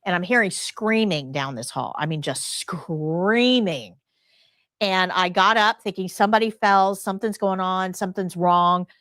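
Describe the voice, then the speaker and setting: A middle-aged woman teaching a live nursing class, telling stories in an emphatic, lively way. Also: fairly low pitch, a little slow, no echo, studio quality. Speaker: nursing instructor.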